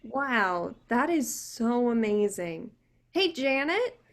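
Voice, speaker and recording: A woman's voice: fairly high pitch, sing-song, slow pace, full character voice. A woman reading a brash, drunk young woman in the afterlife, sarcastic and slurring, at a video call table read.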